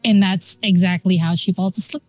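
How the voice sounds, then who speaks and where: A woman player describing her character's actions hesitantly, with many pauses. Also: on the low side, fairly even intonation, darkish tone, no room sound, soft background music. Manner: hesitant, lots of fillers.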